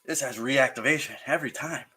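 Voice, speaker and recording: A man hosting a casual livestream while eating hot sauces, his mouth burning and eyes teary, gasping, sighing and groaning between slow remarks. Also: mid-range voice, bright, forceful tone, husky. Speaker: livestream host.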